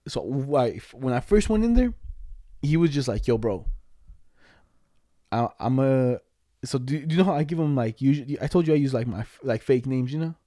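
A man's voice: medium pitch, lively intonation, fairly quick, dark tone, dry recording, studio quality. A young man telling a rambling story in casual chat, heavy on slang and swearing.

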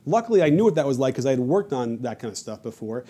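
A man telling stories on a podcast in a rapid, animated way, often restarting his sentences. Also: mid-range voice, slightly rough. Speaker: podcast guest, basketball coach and creator. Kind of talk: casual podcast conversation.

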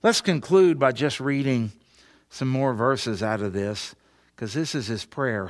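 A man preaching a sermon, earnest, rising on key phrases and dropping to a soft hush near the end. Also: mid-range voice, a little slow.

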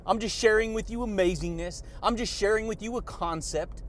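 A man's voice: high-pitched, a little fast, slight background noise. A man hosting a motivational podcast monologue, exuberant and slangy, laughing between points and repeating catchphrases. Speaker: podcast host.

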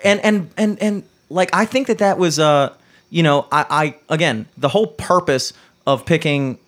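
Animated young man ranting casually. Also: fairly high pitch. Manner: animated, swearing, fast rants. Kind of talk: casual political chat.

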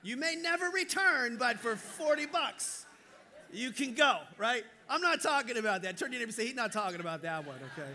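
A male pastor preaching a sermon, telling stories in an animated, joking way. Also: very high voice, a little fast.

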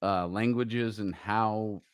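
A man co-hosting a podcast with a fairly low voice. He muses out loud in a loose, joking way, and the sound is dry and close. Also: fairly even intonation, takes it slowly, clear, resonant tone, dry recording. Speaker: podcast host. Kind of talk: casual podcast chat.

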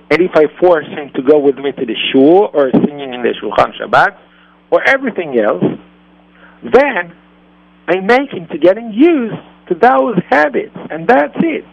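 A man's voice: a little high, vocal fry, dry recording. A man who speaks natively, talking earnestly about parenting on a radio show, repeating and rephrasing his points. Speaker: rabbi and radio host. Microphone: radio studio mic. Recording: dull lo-fi radio recording.

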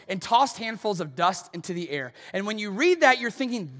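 Bright high-voiced pastor in a reverberant hall. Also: male voice, normal speed, few pauses. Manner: animated storytelling, acting out quoted voices. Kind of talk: sermon. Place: church auditorium. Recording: long reverb of a large hall.

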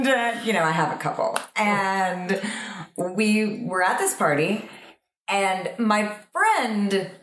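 A woman guest on a comedy podcast, telling a rambling anecdote with laughs. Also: fairly low pitch. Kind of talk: comedic storytelling. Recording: roomy echoey recording.

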